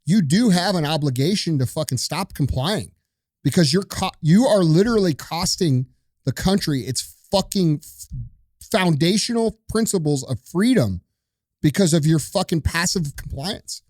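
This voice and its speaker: A man delivering a forceful, profane rant as a podcast host. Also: on the high side, animated, moderate pace, no room sound, studio quality. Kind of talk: opinionated rant.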